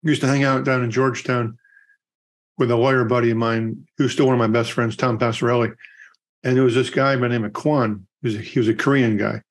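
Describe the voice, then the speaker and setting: A man's voice: mid-range voice, little pitch movement, fast. A middle-aged man co-hosting a podcast, chatting casually and telling long rambling anecdotes. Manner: rambling anecdotal storyteller with many fillers. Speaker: podcast co-host. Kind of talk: casual chat and storytelling.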